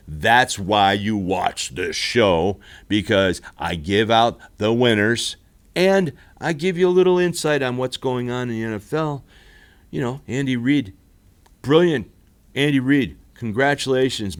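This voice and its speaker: A man hosting a football recap show, rambling and animated in casual commentary, laughing often. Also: mid-range voice, unhurried. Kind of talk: casual sports commentary monologue. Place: studio.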